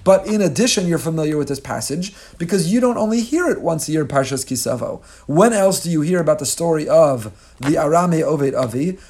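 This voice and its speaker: Expressive male Torah teacher, somewhat high voice, chants verses and cracks asides. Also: slightly rough. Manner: animated, expressive, with humorous asides to listeners; chants Hebrew verses, then translates them. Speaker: Torah teacher giving a weekly class. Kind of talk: lively Torah lecture.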